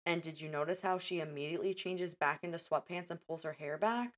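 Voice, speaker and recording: A woman's voice: lowish voice, fairly quick. A woman chatting casually as a podcast host, retelling a film scene by scene and acting out the characters' lines. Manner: animated storyteller, acts out lines. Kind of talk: casual chat recapping a film.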